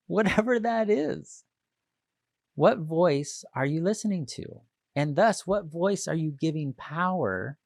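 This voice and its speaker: A man hosting a motivational leadership podcast, talking alone to listeners and acting out the inner voice with sudden loud outbursts. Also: a little high, no echo, clean studio sound. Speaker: podcast host. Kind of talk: motivational solo podcast talk.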